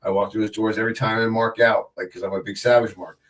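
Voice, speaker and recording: A man's voice: lowish voice, fairly even intonation, quick pace, distant mic. A man guesting on a casual wrestling podcast, rambling with many fillers and restarts and joking around. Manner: jokey, slips into wrestler impressions.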